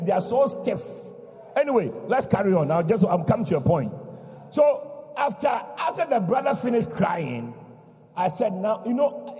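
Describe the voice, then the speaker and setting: A man preaching, telling a story dramatically and breaking into shouts. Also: very high-pitched, long reverb tail. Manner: dramatic, bursts into shouting, repeats a refrain. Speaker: pastor. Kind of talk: sermon storytelling. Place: church.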